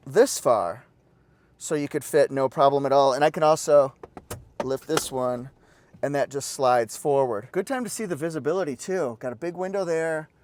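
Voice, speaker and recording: A man's voice: a little high, darkish tone, no room sound. A man giving a chatty, upbeat walkaround review from inside a vehicle, repeating short phrases as he points things out. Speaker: car reviewer. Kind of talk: casual walkaround product review.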